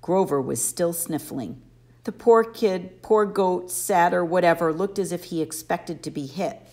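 A woman narrating an audiobook in an expressive first-person storytelling manner. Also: on the low side, a little slow. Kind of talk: audiobook reading.

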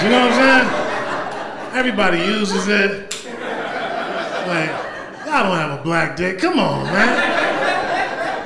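A man doing a loud, animated stand-up comedy set in a club, with profanity and crowd work. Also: high-pitched, very noisy. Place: comedy club stage before a live audience. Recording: echoey club with audience laughter.

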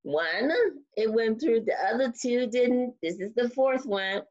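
Woman reading a kids book out loud, slow and animated, chatty, tripping on spanish words, kinda muffled. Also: a little high. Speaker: children's book reader. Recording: slightly dull lo-fi sound.

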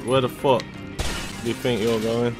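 A young man giving gameplay commentary, loud, swearing often and full of street slang. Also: medium pitch, level tone, slow, music in the background. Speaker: gaming YouTuber.

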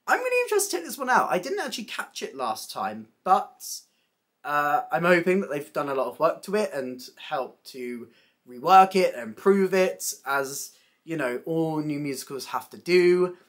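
A woman's voice: low voice, very animated, normal speed. A young woman hosting a casual theatre news recap, chatty and enthusiastic with frequent laughs.

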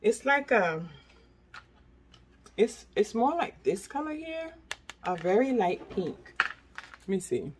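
A woman's voice: medium pitch, big pitch swings, slow, long pauses, a little hiss or hum. An older woman chatting casually through a product review, talking straight to her viewers and often repeating herself. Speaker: beauty product vlogger.

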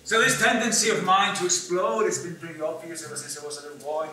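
A high, bright-toned man with an Icelandic accent recounts his own story on stage in an earnest, confessional way. His voice rings through a large echoey theatre and is caught from some distance away, with hall sound all around it. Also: fairly even intonation, fast talker, slight background noise. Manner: earnest, confessional, breaks into brief laughs. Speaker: community theatre performer.

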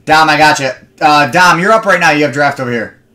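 A man's voice: a little high, a little fast, bright, forceful tone. A young man hosting a live card break stream, chatting with viewers and rambling into stories between picks.

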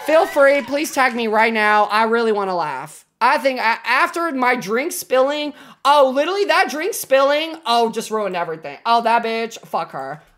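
High, lively woman game streamer. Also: moderate pace. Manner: expressive, swears freely, coos to chat. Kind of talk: casual live-stream chat while gaming.

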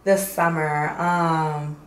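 A woman's voice: sits low, level tone, very slow. A woman from Chicago talking casually to her viewers in a slangy, chatty vlog update that gets hyped up. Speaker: vlogger. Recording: roomy echo, faint background hum.

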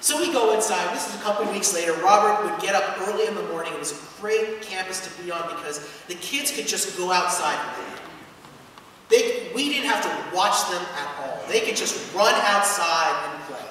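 Bright-voiced pastor preaching in an echoey hall. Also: male voice, high-pitched, moderate pace, slight background noise. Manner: storytelling that builds to loud, fervent preaching. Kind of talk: sermon. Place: church sanctuary. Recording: echoey church hall from far off.

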